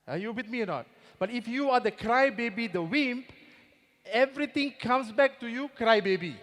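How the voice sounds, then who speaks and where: Singaporean man, motivational speaker, rhetorical and audience-baiting, higher voice ringing in a reverberant hall. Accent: Singaporean English. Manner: rhetorical, keeps asking the audience to agree. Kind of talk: motivational stage talk. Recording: long reverb of a big hall.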